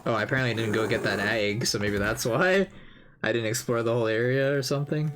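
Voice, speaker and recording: A young man chatting casually as he plays a video game, thinking aloud in a relaxed, slangy way. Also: mid-range voice, fast talker, faint music behind. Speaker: gamer playing through a game.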